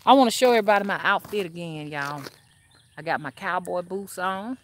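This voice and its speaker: A woman's voice: on the low side, brisk. A woman rootworker hosting a casual livestream, chatting to viewers as y'all and reading their comments aloud, rambling with restarts. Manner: rambling with frequent restarts and fillers.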